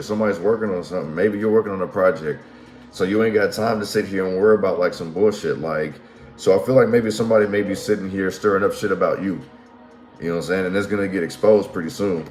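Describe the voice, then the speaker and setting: A man giving a casual tarot reading, slangy and profane, who keeps checking that the listener follows him. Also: sits low. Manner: slangy and profane, keeps asking "you feel what I'm saying". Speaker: tarot reader. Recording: roomy echo, faint music behind.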